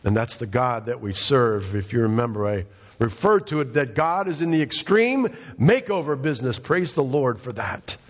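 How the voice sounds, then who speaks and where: A pastor preaching a sermon, emphatic and repetitive, calling out members of the congregation by name. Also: male voice, mid-range voice, expressive, moderate pace, long reverb tail, lo-fi sound. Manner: emphatic, repeats phrases, addresses congregation by name.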